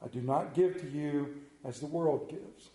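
A man with a somewhat high, mellow voice preaches a sermon in an echoey church. He leans on dramatic pauses and sinks to a near hush on the words that matter. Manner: dramatic pauses, drops to a hushed voice on key words. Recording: echoey room.

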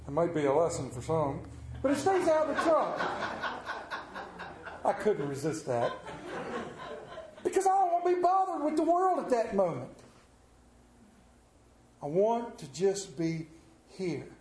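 A man's voice: high voice, wildly swooping pitch, measured pace, long pauses, noisy background. A man giving a conversational sermon as a lay preacher, telling folksy, humorous stories about his week. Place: church sanctuary. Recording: roomy echo of a church.

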